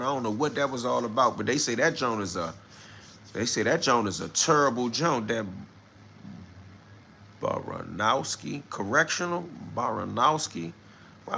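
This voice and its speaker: Gravelly slangy man talking on a livestream. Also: medium pitch, pushed and bright, a little hiss or hum. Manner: loose slangy commentary, greets viewers. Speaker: livestream host. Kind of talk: casual live-stream talk reading chat.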